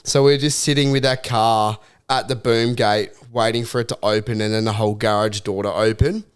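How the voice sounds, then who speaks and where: A man in his twenties with an Australian accent, co-hosting a podcast and telling a story in a relaxed way, swearing freely and laughing often. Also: on the low side, moderate pace, clear, resonant tone. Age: 20s. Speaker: podcast co-host. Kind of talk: casual storytelling chat.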